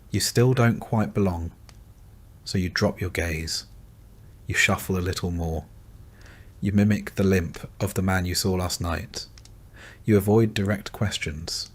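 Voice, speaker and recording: Low-voiced calm male bedtime narrator. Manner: calm, unhurried storytelling. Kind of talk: scripted bedtime history narration.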